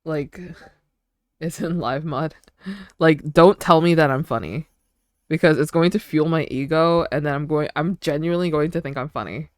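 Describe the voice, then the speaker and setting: A woman's voice: sits low, moderate pace, a little mellow, no echo, clean studio sound. A young woman streamer chatting casually with her audience, telling rambling stories full of fillers and giggles. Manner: rambling, filler-heavy storytelling with frequent giggles.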